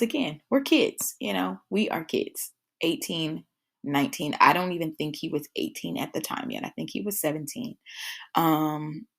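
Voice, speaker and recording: A woman with a notably low voice hosts her own podcast and tells her personal story. She talks casually and warmly directly to her listeners, calling them y'all and leaning on easy fillers. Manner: conversational, addresses listeners as y'all, frequent fillers. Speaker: podcast host.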